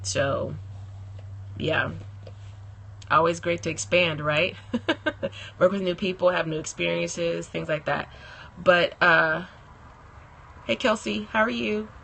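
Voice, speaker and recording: Beauty blogger, female, live-stream host. Husky, bright tone. Chatty, laughs often, greets viewers by name. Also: lowish voice, takes it slowly, pauses often. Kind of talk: casual live-stream chat.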